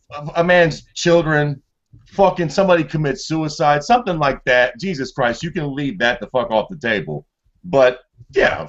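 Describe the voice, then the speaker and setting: A man on an MMA podcast talks in a slightly high voice, rambling and swearing with emphatic energy. The audio is muffled and lo-fi, like a cheap stream recording. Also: fairly bright tone. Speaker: podcast co-host. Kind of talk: casual profane sports chat.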